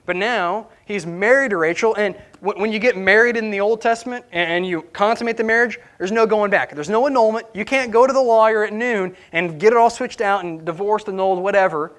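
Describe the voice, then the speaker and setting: High-voiced pastor preaching animatedly. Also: male voice, a little fast, few pauses. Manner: animated, conversational, questions the congregation. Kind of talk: sermon. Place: church.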